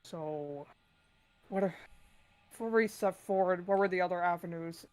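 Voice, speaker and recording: A woman playing a tabletop game, talking quickly and chattily while she plans the party's next move. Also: lowish voice, a little mellow. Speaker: player. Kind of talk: casual tabletop game chat.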